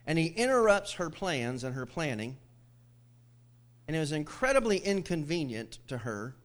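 A man's voice: fairly high pitch, normal speed. A middle-aged male pastor preaching a sermon to his church, telling stories with jokes and laughter. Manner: animated storytelling with jokes and laughs.

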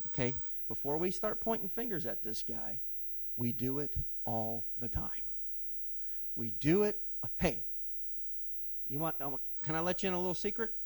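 A man preaching a sermon to his congregation, swinging from loud, passionate rises to quiet asides and putting questions straight to the room. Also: mid-range voice, moderate pace. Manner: animated preaching with sudden loud rises and soft drops; asks the congregation questions directly. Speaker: pastor.

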